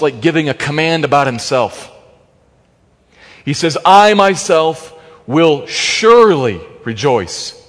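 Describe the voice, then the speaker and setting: A man preaching a sermon, emphatic, swinging between loud stressed phrases and hushed drops. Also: mid-range voice. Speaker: pastor. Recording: long hall reverb.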